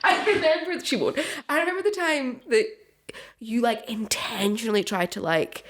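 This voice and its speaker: A woman's voice: a little high, moderate pace. A woman co-hosting a podcast, telling a long story in casual chat, quoting others and laughing as she goes. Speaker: podcast co-host.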